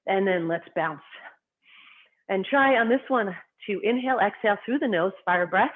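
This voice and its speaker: A qigong instructor guiding a class through movement and breathing, giving calm, short cues timed to the breath. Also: medium pitch, moderate pace. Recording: tinny phone-like sound.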